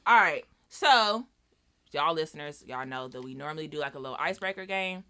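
A woman hosting a casual podcast, brash and profane with loud laughing bursts. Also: low-pitched, animated, fairly quick, clear, resonant tone. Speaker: podcast co-host. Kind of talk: casual chat.

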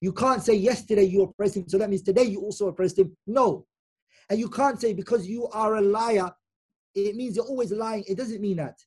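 Man, Islamic teacher, Quran commentary lecture, husky voice, explanatory, repeats for emphasis. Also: sits high, fairly quick, darkish tone. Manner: explanatory, checks in with "okay?"; repeats key phrases for emphasis.

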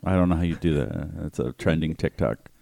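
A man's voice: very deep voice, brisk, creaky, mellow, no echo, studio quality. A man co-hosting a casual comedy podcast, jokey and swearing freely. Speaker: podcast co-host.

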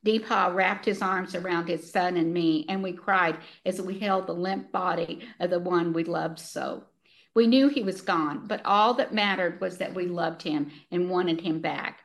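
A woman's voice: fairly low pitch, measured pace. An older woman, a retired author, reading her own novel aloud with earnest feeling and laughing easily as she chats.

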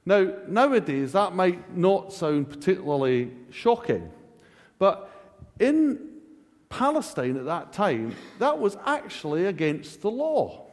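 A male preacher delivering a jokey, animated sermon, his high voice swooping all over the place. It rings out with a long reverb in a large church. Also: slow. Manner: jokey, animated, self-laughing asides. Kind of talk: humorous sermon.

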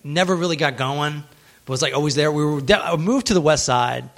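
A rambling man with a slightly high voice tells a long story. He hosts a casual chat, laughs often and scatters "like" everywhere. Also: brisk, fairly bright tone. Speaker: podcast host and stand-up comedian.

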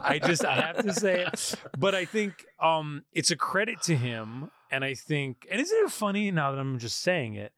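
A man's voice: on the high side, animated, normal speed, a bit bright, no room sound. A man co-hosting a movie podcast, playful and joking in casual chat. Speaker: podcast host.

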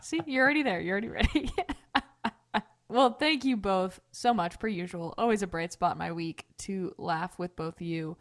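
A woman hosting a casual podcast, upbeat and quick to laugh. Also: medium pitch. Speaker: podcast host.

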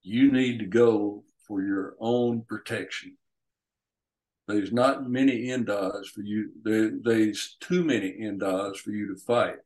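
A man's voice: fairly low pitch, takes it slowly, a little mellow, rough recording. A man reading as a blunt, weathered old frontier mentor who gives plainspoken, folksy advice. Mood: grave.

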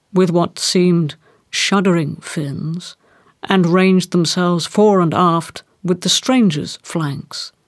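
A woman reading a classic novel aloud in a measured, deliberate way. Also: medium pitch, dry recording, studio quality. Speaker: audiobook reader. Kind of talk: literary reading.

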